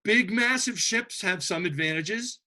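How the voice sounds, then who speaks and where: An animated male teacher lectures on history in a casual classroom style, joking and restarting his sentences often. His voice is high for a man and bright. He keeps the class engaged with quick asides.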